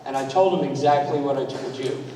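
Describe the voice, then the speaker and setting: A man speaking to a crowd at a club training event tells stories and poses questions to the audience in a relaxed, anecdotal way. His voice is medium-pitched and warm, and he talks fairly quickly. The recording has hall echo, a distant mic, and faint noise.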